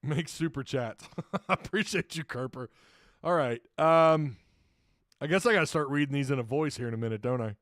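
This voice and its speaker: A man's voice: mid-range voice, moderate pace, fairly bright tone, no room sound, studio quality. A man hosting a casual sports talk livestream, rambling and chuckling often, reading viewer comments and sponsor plugs. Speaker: sports talk show host.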